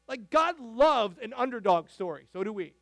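Male pastor, high voice, dry close sound, chatty sermon full of asides. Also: moderate pace, dry recording. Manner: animated, conversational, frequent asides and restarts. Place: church sanctuary.

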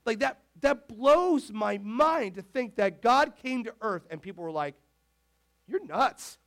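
A man preaching a casual, animated sermon, peppering his speech with "like". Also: very high-pitched, a little slow. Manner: animated, filler-heavy with frequent "like"; talks to the tech crew mid-sermon. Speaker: pastor.

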